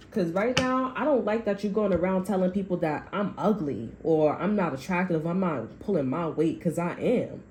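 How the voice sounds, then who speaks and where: Woman tarot reader, low mellow voice, blunt and profane, echoey room with faint hiss. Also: expressive, normal speed, hardly any pauses. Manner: blunt and profane, acts out people's quotes. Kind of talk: casual tarot reading monologue.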